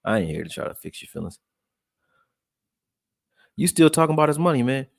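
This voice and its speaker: A man from Texas, raised in Philadelphia, breaking down football film and reading chat on a live stream in a loose, profane, animated way. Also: mid-range voice, a little fast, vocal fry, dry recording, studio quality. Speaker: sports commentary streamer.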